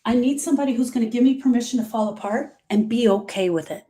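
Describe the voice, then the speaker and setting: A woman speaking as a grief specialist to her online audience. Her voice is mellow and a little high, and she drives her points home by repeating short, direct lines of advice. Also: fast. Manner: emphatic, repetitive, direct advice. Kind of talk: live talk to viewers.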